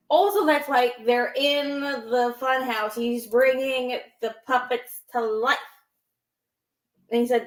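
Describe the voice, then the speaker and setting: A woman co-hosting a casual podcast, excitedly retelling scenes and quoting lines with animated delivery. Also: on the high side, normal speed. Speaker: podcast co-host. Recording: roomy echo.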